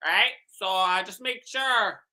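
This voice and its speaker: A man's voice: high-pitched, slow pace, bright, forceful tone, full character voice. A man voicing a flustered small-town mayor in an improvised comedy scene, pushy and blustering. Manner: blustering, pushy, tags lines with "huh".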